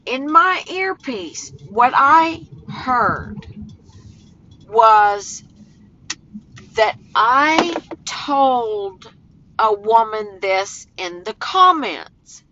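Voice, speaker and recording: A woman talks into her phone while walking home outside. She speaks slowly and haltingly in a bright, slightly high voice. The audio is dull, with faint traffic behind her. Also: lively intonation. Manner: slow, halting, emotional rants. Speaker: vlogger. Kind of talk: casual vlog talk. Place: walking outdoors near home.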